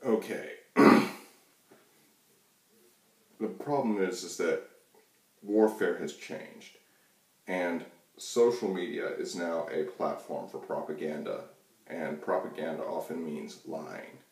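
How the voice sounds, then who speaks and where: Low-voiced male vlogger, loose swearing monologue full of ums and restarts; echoey room, off-mic sound. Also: takes it slowly, long pauses, distant mic. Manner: rambling, profane, many fillers and restarts. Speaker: channel host. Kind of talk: casual political rant to camera.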